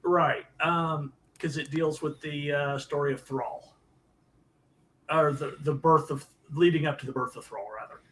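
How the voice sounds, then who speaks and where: A man's voice: on the high side, fairly even intonation, unhurried, a bit bright, poor audio. A man talking as a panelist in a casual chat over a video call, hesitant, with many fillers as he gathers his thoughts. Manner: hesitant, many ums and uhs. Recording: faint background noise.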